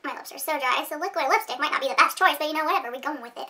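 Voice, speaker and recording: A woman's voice: sits high, rapid-fire, few pauses, bright, forceful tone, recorded from a distance. A woman beauty vlogger chatting casually through a makeup tutorial, rambling and giggling as she talks to her viewers.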